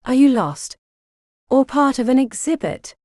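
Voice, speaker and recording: A woman's voice: high voice, animated, a little slow, darkish tone, no echo, clean studio sound, pitched above the performer's own voice. Woman doing a wary, tough young thief. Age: young adult.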